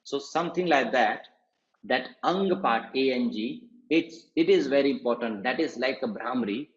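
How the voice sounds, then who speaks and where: A man's voice: medium pitch, lively intonation, highs cut off. Man teaching chanting in a roomy sound. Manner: slow, patient explaining with repetitions. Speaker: meditation teacher. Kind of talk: spoken lesson on chanting.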